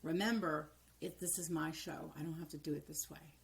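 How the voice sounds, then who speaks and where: Low, gravelly-voiced woman coaching calmly. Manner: calm, instructive, slows and softens into near-whispers for affirmations. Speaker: transformational coach. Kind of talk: coaching video monologue.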